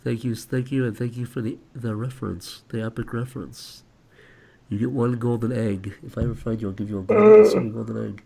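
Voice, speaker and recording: A man's voice: mid-range voice, lively intonation, fairly quick, gravelly, mellow, slightly rough. A man in his twenties hosting a live stream, joking, teasing and reading donations aloud. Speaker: streamer host. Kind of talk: casual live stream chat.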